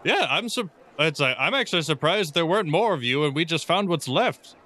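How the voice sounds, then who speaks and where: A man with a bright, forward voice speaks in character during an actual play tabletop session. He explains things patiently and a little theatrically, in a mid-range pitch. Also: animated, brisk. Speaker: tabletop roleplay player.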